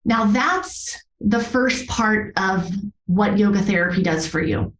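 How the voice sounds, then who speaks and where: A woman's voice: mid-range voice, slow pace, echoey room, low-quality recording. A woman who works as a yoga therapist tells a personal story as a podcast guest. She speaks earnestly and from the heart, often restarting her sentences.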